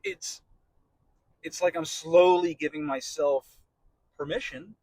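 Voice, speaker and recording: A man's voice: a little high, fairly even intonation, slow, a little mellow, no echo, poor audio. A middle-aged man hosting a podcast, talking through a candid personal monologue in a rambling, repetitive way with frequent swearing. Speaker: podcast host.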